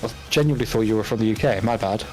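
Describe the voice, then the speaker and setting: A man's voice: fairly low pitch, very fast, darkish tone, soft background music, poor audio. A chatty British man hosting a casual painting stream, laughing often. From United Kingdom. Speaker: stream host.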